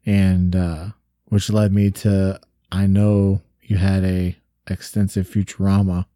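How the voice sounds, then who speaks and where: A man's voice: deep voice, level tone, slow, dark tone, no room sound, clean studio sound. A man co-hosting a casual faith discussion, friendly and teasing, telling stories with animation. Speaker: podcast co-host.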